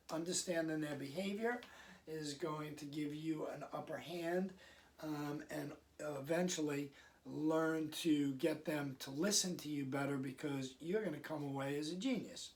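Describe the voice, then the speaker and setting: A man with a slightly raised voice talks parents through advice in an easygoing, conversational way, breaking into short acted-out lines of parent and child. He sits a bit back from the mic, so the sound is slightly distant. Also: fairly high pitch. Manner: conversational, acts out parents and kids in quick asides. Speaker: parenting coach. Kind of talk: casual advice talk to camera.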